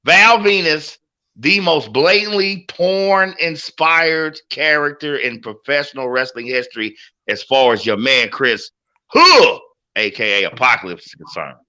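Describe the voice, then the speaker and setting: A man's voice: on the high side, measured pace, lo-fi sound. A man co-hosting a casual wrestling podcast, telling stories with lots of energy and frequent swearing. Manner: animated storytelling, swears freely. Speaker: podcast co-host.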